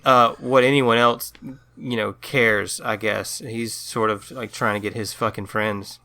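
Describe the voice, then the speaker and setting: A man's voice: fairly low pitch, fairly even intonation, measured pace, pushed and bright. A man playing in a tabletop game, talking in a rambling way with many restarts and casual swearing. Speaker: player. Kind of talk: casual chat in character discussion.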